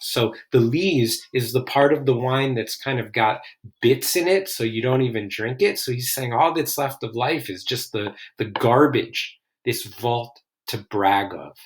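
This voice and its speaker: A man explaining a classic play line by line in a relaxed, casual way. His voice sits in a middle pitch, and he tosses in "like" often as he paraphrases. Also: unhurried. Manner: reads quoted lines with raised dramatic emphasis, then explains casually. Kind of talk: line-by-line literature lesson.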